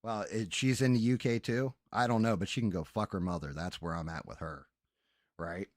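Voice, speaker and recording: Male streamer, lowish voice, dry headset sound, profane exasperated rant. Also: normal speed, darkish tone, dry recording. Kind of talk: casual ranting stream chat.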